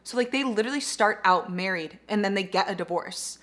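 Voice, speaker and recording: A woman's voice: medium pitch, fairly quick. Gushing young woman reviewing books. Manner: gushing, animated, slangy with lots of "like". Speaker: book vlogger. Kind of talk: casual book review chat.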